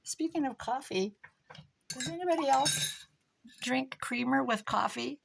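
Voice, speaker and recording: A woman's voice: high voice, a little slow, vocal fry, background noise. An older woman hosting a crafting tutorial, chatty and rambling, mocking herself and laughing often. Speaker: crafting video host.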